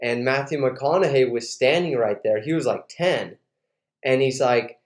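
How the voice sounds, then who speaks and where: Male host, casual and animated, recorded in a roomy space. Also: mid-range voice, measured pace. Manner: animated storyteller, lots of fillers. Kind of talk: casual interview storytelling. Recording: roomy echo.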